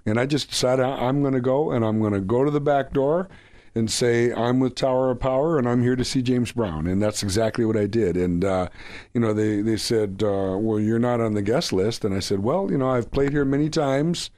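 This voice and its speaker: A man's voice: mid-range voice, brisk, darkish tone. A man who leads a band, a guest in an interview, telling a casual anecdote and acting out the quotes, with many fillers.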